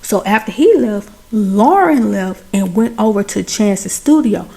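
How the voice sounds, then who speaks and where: Gravelly chatty woman recapping a drama. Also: medium pitch, a little slow. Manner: chatty, addresses viewers as y'all and baby; animated, exclaims over plot twists. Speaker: TV show recapper.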